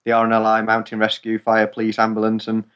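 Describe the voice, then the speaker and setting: A man's voice: on the low side, monotone, fast talker, fairly bright tone, clean tone. Male museum director, plain friendly talk, dry jokes, dull muffled sound. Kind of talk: casual interview chat. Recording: dull lo-fi line.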